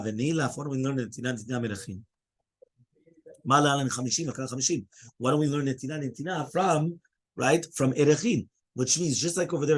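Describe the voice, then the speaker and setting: A man teaching a Talmud class, animated and full of "okay?" and "right?", mixing Hebrew and Aramaic terms into English. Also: on the high side, slightly rough.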